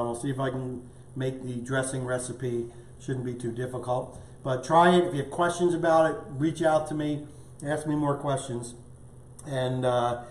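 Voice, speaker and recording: A man's voice: medium pitch, a little mellow, echoey room, slight background noise. A man hosting a live cooking show as the chef, upbeat and chatty, tasting and talking as he goes. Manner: upbeat, chatty, talks with mouth full at times. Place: home studio kitchen.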